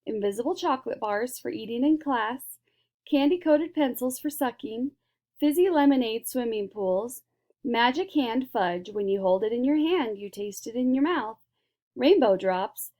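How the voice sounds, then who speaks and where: Woman, storybook reader, fairly high voice, lively. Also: moderate pace. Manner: lively, switches into character voices. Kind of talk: storybook read-aloud.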